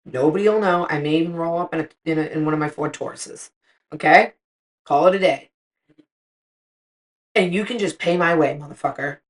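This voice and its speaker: A middle-aged woman co-hosting a casual chat, telling animated, profane stories and acting out what people said. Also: sits low, normal speed, pauses often, low-quality recording. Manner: animated, profane storytelling with acted-out quotes. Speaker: podcast co-host.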